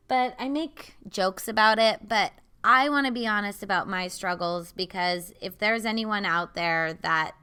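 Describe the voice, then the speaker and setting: A woman's voice: mid-range voice, bright, forceful tone, clear, resonant tone. A young woman, a mother, talking earnestly and candidly to camera in a personal vlog. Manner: earnest and confiding. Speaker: mother and vlogger.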